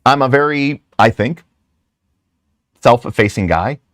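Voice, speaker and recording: A man's voice: mid-range voice, lively intonation, unhurried, fairly bright tone, no echo, studio quality. A middle-aged man hosting his own channel, talking casually and rambling through self-deprecating stories with lots of restarts and asides. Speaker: channel host.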